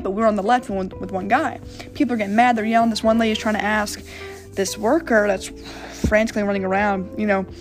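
A young woman hosting a podcast, telling a travel story in a rambling, casual way with plenty of swearing. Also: mid-range voice. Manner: rambling, profane, animated retelling. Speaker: podcast host.

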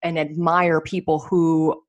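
A woman hosts a podcast and sets up her questions with long, effusive compliments to her guest. Her voice sits on the low side for a woman, and her speech loops back on itself as she goes. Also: level tone, slow, lo-fi sound. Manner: effusive, rambling, full of praise. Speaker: podcast host. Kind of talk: interviewing a guest.

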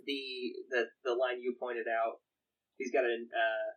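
A man's voice: medium pitch, flat delivery, unhurried, lo-fi sound. A young man co-hosting a podcast, chatting casually about a movie he loves, rambling with restarts and quoting lines. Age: young adult. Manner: rambling with many restarts and quoted asides. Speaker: podcast co-host. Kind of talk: casual film chat.

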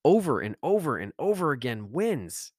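Energetic middle-aged male podcast host, motivational monologue, emphatic, very dry recording. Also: mid-range voice, moderate pace, no echo. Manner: energetic, emphatic, repeats phrases for effect.

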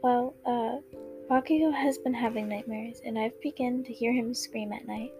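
A woman's voice: a little high, fairly even intonation, moderate pace, lightly acted. A woman voicing a timid, worried teen boy hero in a read-aloud fan story, speaking hesitantly, with music playing behind. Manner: hesitant, full of fillers.

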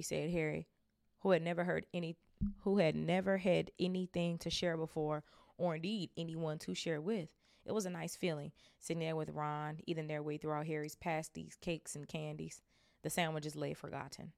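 A young woman reads a novel aloud for her book club podcast and keeps drifting into chatty asides, swearing casually as she goes. Her voice is deep and full of vocal fry. The recording is close and dry. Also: fairly even intonation, brisk, no echo.

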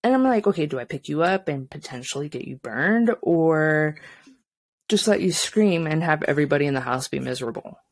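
A woman's voice: low-pitched, lively intonation, a little fast, dry recording. A young woman co-hosting a casual parenting chat, telling blunt stories and swearing freely. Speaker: podcast co-host.

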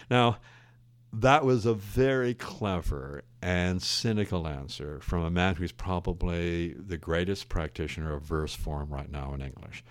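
An older man speaks slowly and thoughtfully, with a very low voice. He has the wry, rambling manner of a retired English teacher telling stories. The sound is dry and close. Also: dry recording. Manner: thoughtful, wry, digressive storyteller. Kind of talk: reflective conversation.

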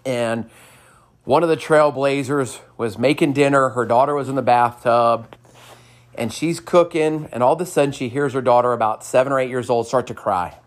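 A man hosting a motivational podcast, cheering listeners on with repeated upbeat lines and a personal story. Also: medium pitch. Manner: enthusiastic, sing-song cheerleading repetition.

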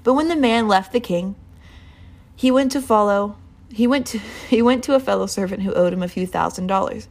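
A woman's voice: medium pitch, moderate pace. Earnest, rambling woman preaching. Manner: casual, rambling, earnest, with fillers. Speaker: Bible teacher. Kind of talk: informal sermon.

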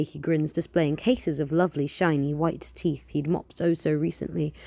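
A deep, creaky, dark voice with a steady tone and moderate pace belongs to a young woman, captured in a dry recording. She hosts her show, chatting and reading her own poems in a rambling, playful, filler-laden manner.

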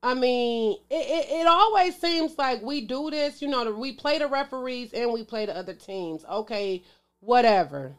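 A woman's voice: on the high side, moderate pace. A woman hosting a casual sports show to camera, emotional, sighing and calling out to her viewers. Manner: emotional, exclaims and sighs, talks to viewers as "y'all".

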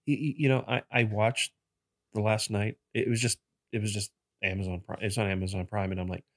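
Earnest, stammering lower-voiced man. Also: fairly even intonation, fairly quick, no echo, studio quality. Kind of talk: casual chat.

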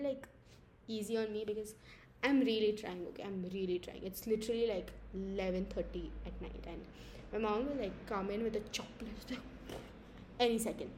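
Young woman, squeaky voice, giggly, self-mocking, casual podcast chat, faint hiss. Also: fairly quick, warm tone. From India. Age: young adult. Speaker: podcast host. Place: home, late at night.

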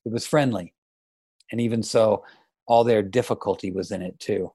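Male reader, short story with commentary, slightly husky, mid pitch, dry close sound. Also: moderate pace, no echo. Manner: relaxed, conversational asides.

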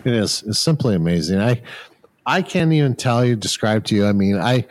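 A man with a somewhat low voice co-hosts a casual spiritual chat. He talks in an earnest, reflective way over a remote call. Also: a little mellow, no room sound, rough recording. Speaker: co-host.

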